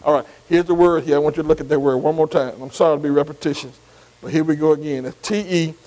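A man's voice: a little high, quick pace, darkish tone, low-quality recording. An older man teaching a Bible study sermon, filling his talk with "see?", "amen" and questions to the room. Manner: repetitive call-and-response, many "see" and "amen" asides. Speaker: pastor.

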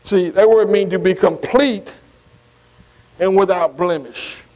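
A man's voice: high voice, slow pace, darkish tone, big-room sound, low-quality recording. A man teaching a Bible study class. He spells Greek words out letter by letter, keeps saying "see" between phrases and keeps asking the class if they follow.

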